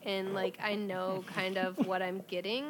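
A woman in casual podcast chat, thinking aloud with hesitant pauses. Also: mid-range voice, little pitch movement, background noise. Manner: thoughtful, hesitant, with frequent "um" and laughs.

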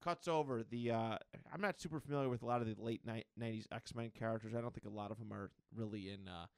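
Smooth-voiced man recapping a comic. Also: fairly low pitch, fast talker, dry recording. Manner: rambling, excited plot recap. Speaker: podcast co-host. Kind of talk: casual podcast chat.

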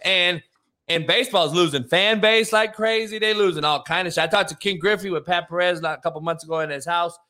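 A man's voice: sits high, brisk, sharp tone. A man hosting a casual sports debate show, brash and profane, often laughing and ribbing his co-host.

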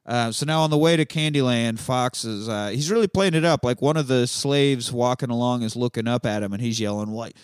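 A man's voice: mid-range voice, a little fast, hardly any pauses, clear, resonant tone, no room sound, studio quality. A man hosting a podcast, telling a movie's story in a loose, joking, profane way. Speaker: podcast host recapping a film. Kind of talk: casual profane chat.

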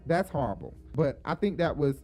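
Sassy cussing guy reacting to reality tv, kinda high voice, music under it. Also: lively intonation, fairly quick, a little mellow. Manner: blunt, profane, sassy. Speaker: reaction commentator. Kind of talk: casual reaction commentary.

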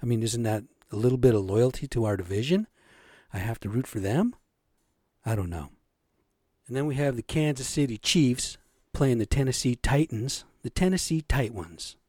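Profane ranting man, dark voice. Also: mid-range voice, expressive, moderate pace, dry recording, clean studio sound. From Native American. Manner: profane, agitated, keeps asking "right?". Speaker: vlogger. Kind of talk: casual rant to camera.

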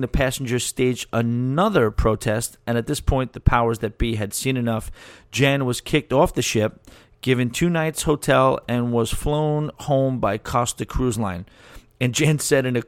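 A man's voice: mid-range voice, dry recording. A man hosting a casual solo podcast, rambling, joking and laughing at his own asides. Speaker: podcast host.

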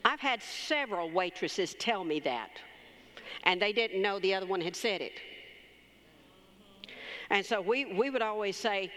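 A woman's voice: mid-range voice, expressive, a little slow, long pauses, a bit bright. Female preacher, pastor's wife, homey testimony-style sermon, live church reverb. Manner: conversational storytelling, calls for amens. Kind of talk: sermon with personal story.

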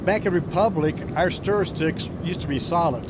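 A man's voice: on the high side, moderate pace. A man, a flight attendant, chatting and telling an anecdote, acting out the people in it. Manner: chatty, plays the people in his stories. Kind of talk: casual storytelling. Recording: clear traffic noise behind.

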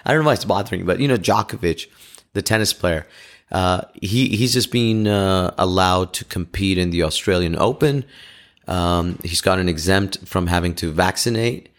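A man with a fairly low voice thinks aloud in a loose, rambling monologue. He stumbles through restarts and laughs at himself as he goes. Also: normal speed.

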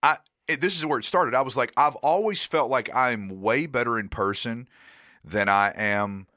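A man's voice: medium pitch, normal speed, pushed and bright, no room sound, studio quality. A man co-hosting a podcast in casual chat, telling a rambling, self-deprecating story with lots of fillers. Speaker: podcast co-host.

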